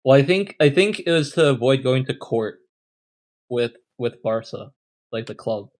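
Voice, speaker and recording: A man's voice: mid-range voice, expressive, moderate pace. Young man rambling in casual chat. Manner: rambling, explains at length with many fillers. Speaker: podcast co-host.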